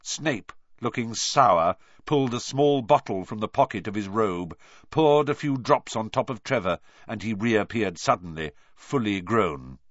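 Man narrator, low voice, animated delivery, dry dull lo-fi recording. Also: unhurried, dry recording. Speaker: audiobook narrator. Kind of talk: audiobook reading.

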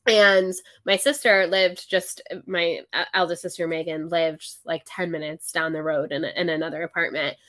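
Bright-voiced young woman podcast co-host. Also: deep voice, moderate pace, few pauses. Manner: animated, exclamatory, laughing. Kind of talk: casual book-club chat.

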